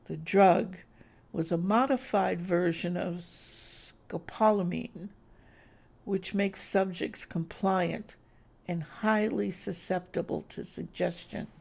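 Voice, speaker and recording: Slow, gravelly woman narrating a thriller. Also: fairly low pitch, darkish tone. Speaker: podcast host and storyteller. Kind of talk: scripted story narration.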